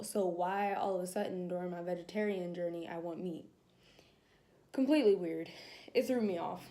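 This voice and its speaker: A young woman telling a personal story to camera in a casual vlog, animated and laughing as she acts out her own thoughts. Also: medium pitch. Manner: animated, laughing, acting out her inner dialogue. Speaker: vlogger.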